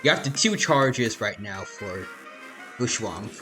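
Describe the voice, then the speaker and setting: Taking it slowly in a lowish, animated voice, a man streams a turn-based game while its music plays behind. His casual gameplay commentary walks through each move, packed with fillers and restarts.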